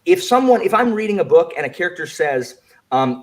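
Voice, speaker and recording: A man's voice: on the high side, a little fast. An American man hosting a casual book discussion livestream, talking emphatically and repeating his points. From United States. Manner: animated, emphatic, repeats phrases. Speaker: host.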